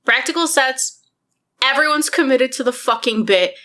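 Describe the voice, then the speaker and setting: A woman co-hosting a podcast in casual chat, talking in an animated way with frequent swearing and laughter. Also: high-pitched, normal speed. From Buffalo, New York. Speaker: podcast co-host.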